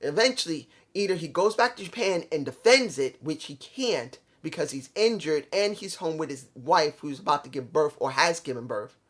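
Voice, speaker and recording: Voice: mid-range voice, animated, moderate pace, hardly any pauses, a bit bright. A wrestling show reviewer talking alone in a casual rant, frustrated, rambling, repeating rhetorical questions, now and then swearing and correcting slips.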